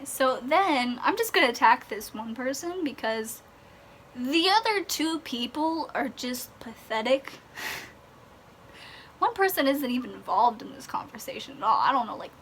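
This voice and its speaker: Exasperated young woman ranting, high voice. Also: fairly bright tone, slight background noise. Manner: exasperated, sarcastic, swears and sighs a lot. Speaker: vlogger. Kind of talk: ranting vlog.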